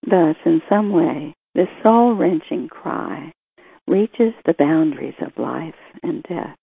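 A priest reading the gospel and giving a measured, reflective homily that quotes scripture and scholars. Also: male voice, on the high side, animated, creaky, slightly rough, dry recording. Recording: tinny phone-like sound, dry.

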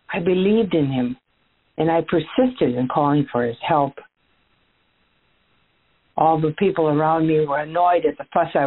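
An earnest beggar, once blind, speaks straight to the listener with gratitude, a woman acting him out. The voice sits low and husky. The sound is thin and tinny, like a phone line. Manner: earnest storytelling, addresses listeners directly. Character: formerly blind male beggar, earnest and grateful. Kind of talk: first-person dramatic monologue.

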